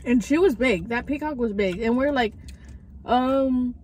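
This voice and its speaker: A woman's voice: on the high side, a little slow, a little mellow, a little hiss or hum, poor audio. A teenage girl hosting a casual eating vlog, chatty and slangy, talking with food in her mouth. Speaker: vlog host. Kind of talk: casual mukbang chat.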